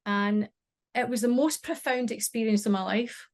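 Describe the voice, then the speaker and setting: A middle-aged woman, a podcast guest, recounting a personal experience in an emotional, halting way with many restarts. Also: a little high, darkish tone. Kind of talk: personal storytelling.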